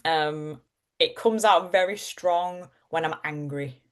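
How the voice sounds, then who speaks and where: Comedic woman with a soft Yorkshire accent. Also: sits low, slow pace. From Yorkshire, England. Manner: animated and comedic, laughing often, jumps into playful voices. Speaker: actor and presenter, guest. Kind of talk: casual interview chat.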